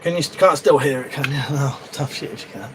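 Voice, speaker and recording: A man's voice: medium pitch, brisk, slight background noise. A man hosting a casual live stream from his shed, rambling and swearing offhandedly as he chats to viewers. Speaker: livestream host. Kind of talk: casual live-stream chat while crafting. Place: shed, outdoors.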